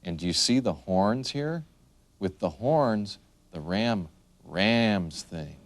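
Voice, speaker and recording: A man teaching young children the names of animals in a slow, sing-song way, making the animal sounds. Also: on the low side, animated, no room sound. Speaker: children's video narrator.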